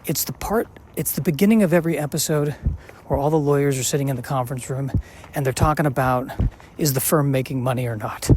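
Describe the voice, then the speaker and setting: A man in his forties talks casually to himself on a walk, circling back to his own questions and stumbling over restarts. His voice sits at an ordinary middle pitch, and faint outdoor noise hums behind him. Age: 40s. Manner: musing, self-questioning, halting with restarts. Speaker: podcast host. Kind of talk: casual rambling monologue while walking outside. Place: outdoors, walking on a sidewalk.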